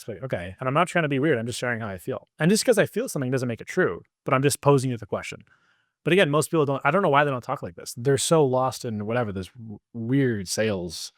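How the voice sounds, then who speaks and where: A man guest on a podcast who talks fast and rambles, piling up fillers as he explains himself. His voice sits in a middle pitch. The sound is dry and close. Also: dry recording. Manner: rambling, animated, filler-heavy. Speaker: podcast guest, business coach. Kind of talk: casual interview chat.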